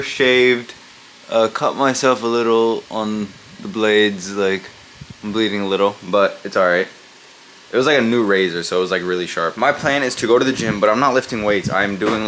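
A man's voice: lowish voice, sharp tone, a little hiss or hum. A young man talking casually to his vlog camera, rambling with lots of fillers. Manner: rambling, many fillers like "like" and "you know". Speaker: family vlogger.

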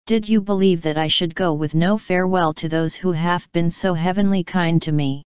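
A woman voicing a kindly older German professor who speaks in halting, formal, earnest phrases. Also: lowish voice, steady tone, smooth, no room sound, highs cut off, close to an everyday voice.

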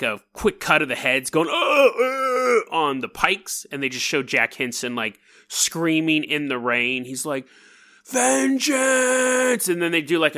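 A man hosting a casual storytelling podcast, talking in an animated, jokey and digressive way. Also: on the high side. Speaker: podcast host.

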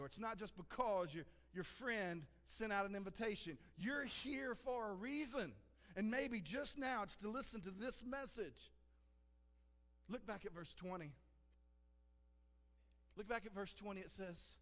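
A man's voice: sits high, a bit bright. A man preaching a sermon as a pastor, earnest and conversational, repeating "listen" to press his points. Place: church sanctuary. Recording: long hall reverb.

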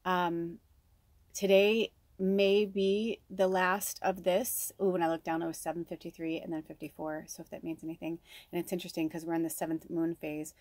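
A woman, a spiritual medium and tarot reader, talking casually to camera in a chatty, giggly, expressive way with many fillers. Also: on the low side, moderate pace, dry recording.

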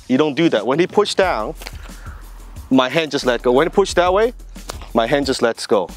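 A man's voice: fairly high pitch, animated, normal speed. A man coaching a partner drill while demonstrating it, walking through each movement step by step. He keeps checking in with short questions to the viewer. Faint music plays underneath. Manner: explains step by step, checks in with "right?" and "see that?". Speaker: martial arts instructor. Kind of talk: hands-on demonstration lesson.

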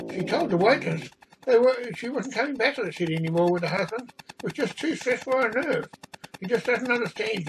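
A man's voice: sits high, noisy background. A man telling a rambling comic story, exasperated and meandering. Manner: meandering, exasperated, doing the other people's voices.

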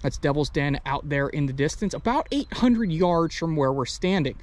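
Measured man explaining on a hillside. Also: on the high side, lively intonation. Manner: explanatory, measured, matter-of-fact. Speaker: battlefield tour guide. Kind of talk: walking tour explanation. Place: outdoors on a rocky hillside. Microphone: body-worn action camera.

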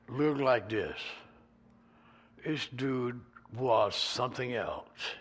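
A man with a Georgia Southern accent, preaching a sermon as a pastor and telling folksy stories with animated swings in volume. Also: medium pitch, drawn-out words, breathy edge. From Georgia, USA. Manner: animated, folksy, swings between loud and soft.

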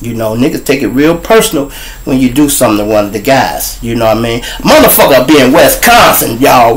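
A man with a Chicago accent hosting his own show. He tells stories in a profane, animated way and talks straight to his viewers. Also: medium pitch, a little fast, poor audio. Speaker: show host. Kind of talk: storytelling monologue.

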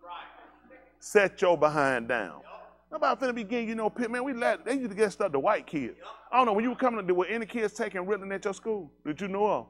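A pastor with a high-sitting voice preaches to his congregation at a quick pace. He is blunt, animated and conversational, using slang, putting questions to his listeners and laughing often.

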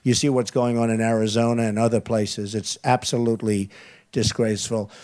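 A man's voice: on the low side, level tone, fairly quick, a little mellow. A man speaking as a political candidate at a campaign event, repeating lines and leaning on superlatives. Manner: repetitive, boastful superlatives. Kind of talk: campaign rally speech.

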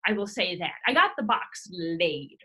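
A woman's voice: lowish voice, very animated, normal speed, pushed and bright, slightly rough, voice pushed down, full character voice. A woman in an improvised comedy scene playing a scandalous, flirtatious grandmother, with a theatrical manner and swooping delivery. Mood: reminiscing. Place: home video call.

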